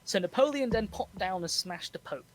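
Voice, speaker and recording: Podcast host, man, slightly high voice, chatty explainer who laughs a lot, faint noise behind. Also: expressive, moderate pace, low-quality recording. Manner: laughs often, history explainer. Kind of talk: casual storytelling chat.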